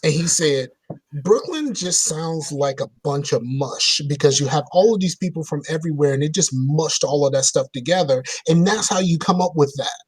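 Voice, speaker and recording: A man's voice: on the high side, expressive, moderate pace, husky. A man co-hosting a casual podcast, talking about video games in a rambling way with many restarts. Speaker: podcast co-host. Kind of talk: casual gaming chat.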